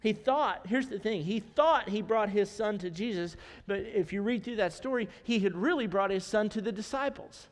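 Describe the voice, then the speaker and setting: A man's voice: sits high, normal speed, few pauses, big-room sound. A male pastor giving a conversational sermon in a church, mixing preaching with humorous asides. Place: church sanctuary.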